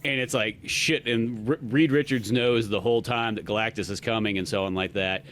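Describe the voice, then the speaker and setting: Joking profane podcast co-host. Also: male voice, fairly low pitch, moderate pace, slight background noise. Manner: joking, profane, animated storyteller. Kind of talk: casual film review chat.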